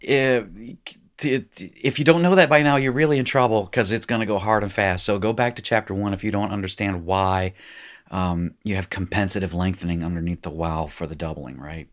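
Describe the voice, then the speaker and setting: This Hebrew teacher, whose voice is fairly low, moves a little fast through a recorded screen-share lesson. He explains casually, filling gaps with "um" and frequently pausing to rephrase or correct what he just said.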